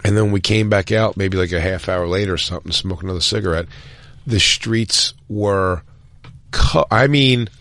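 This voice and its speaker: A man's voice: sits low, moderate pace, a bit bright, no room sound. A man co-hosting a podcast, chatting in loose, crude banter. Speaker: podcast co-host. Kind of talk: casual chat.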